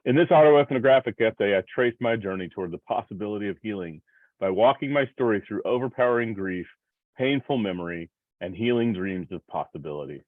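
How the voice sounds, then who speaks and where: A man in his sixties, a professor, reading a personal essay aloud in a measured, reflective way with rhythmic repetitions. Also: fairly low pitch, animated, dry recording. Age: 60s. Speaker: professor presenting a paper. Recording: tinny phone-like line, dry.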